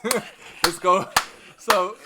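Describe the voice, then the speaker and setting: A man's voice: sits high, takes it slowly, heavy background noise. A man in a casual podcast chat, telling stories with dry, wry humor. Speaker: podcast co-host.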